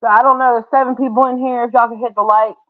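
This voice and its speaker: A woman's voice: on the high side, fairly even intonation, fast. A woman hosting a casual live stream, chatty and playful, laughing often between remarks. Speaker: livestream host. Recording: tinny phone-like sound.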